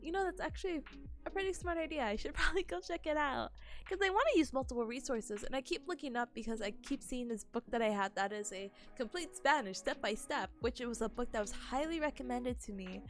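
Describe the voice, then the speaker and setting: A woman's voice: sits high, fairly quick. A young woman streaming a casual study session, bubbly and chatty, laughing often as she talks. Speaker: student streamer. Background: soft lofi music.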